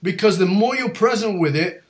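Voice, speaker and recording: Animated storytelling man, a bit high. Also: normal speed. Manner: animated, retells dialogue with restarts. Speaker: podcast host. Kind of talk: storytelling in conversation.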